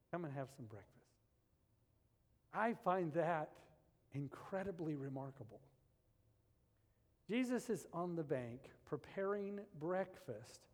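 Dynamic preacher man in a reverberant hall. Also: mid-range voice. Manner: swings from hushed and intimate to loud and emphatic. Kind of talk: sermon.

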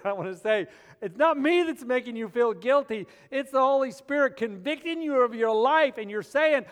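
A man with a high voice preaches a sermon to his congregation, animated and dramatic, swinging between loud emphasis and hushed moments. The sound rings with the long reverb of a church sanctuary. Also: moderate pace. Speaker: pastor.

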